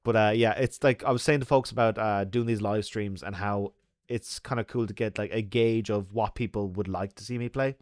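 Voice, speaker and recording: A man's voice: on the low side, steady tone, normal speed, a little mellow, no echo, clean studio sound. An Irish man hosting a live stream, reading viewer comments and chatting in a loose, jokey way with lots of laughs and fillers. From Ireland. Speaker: livestream host.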